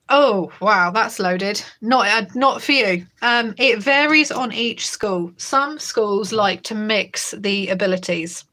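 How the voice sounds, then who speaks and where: A woman's voice: medium pitch, fairly bright tone. A woman in her thirties, a schoolteacher, chatting casually on a livestream, sarcastic and rambling, often breaking into laughter. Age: 30s.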